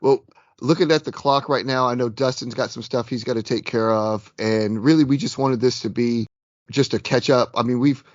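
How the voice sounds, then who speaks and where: A man co-hosting a casual podcast about a tabletop game, chatty and self-deprecating, rambling a bit, slightly hoarse. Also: mid-range voice, steady tone, normal speed, no room sound, highs cut off. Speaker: podcast co-host.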